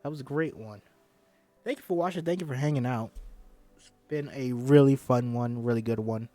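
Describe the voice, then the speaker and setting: A man's voice: medium pitch, darkish tone, no echo. A man reading a film script aloud on a stream, emotional and swearing casually between lines. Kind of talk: script read-aloud with commentary.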